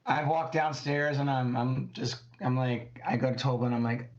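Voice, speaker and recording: A man with a strained, worn voice speaks haltingly as a tabletop player, repeating words as he goes. The recording sounds dull and lo-fi. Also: mid-range voice, fairly even intonation. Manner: hesitant, repeats himself. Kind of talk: casual tabletop play.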